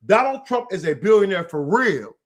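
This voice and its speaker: An American man hosting a political livestream delivers a heated, profane rant in a high-pitched, very animated voice at a moderate pace. He calls out an absent rival by name, addressing him directly.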